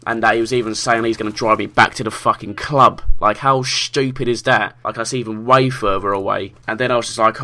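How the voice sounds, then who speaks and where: Young South London guy, slangy and sweary storyteller, lowish bright voice. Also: fairly even intonation, fast, few pauses. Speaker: vlogger. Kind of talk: casual storytelling.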